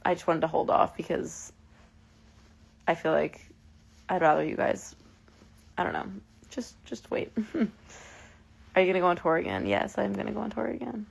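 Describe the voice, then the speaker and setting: A woman's voice: fairly low pitch, lively intonation, moderate pace, creaky, long pauses, slightly rough. A woman in her twenties chatting casually with fans on a live stream from her phone, emotional and full of fillers and restarts. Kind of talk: casual livestream chat with fans.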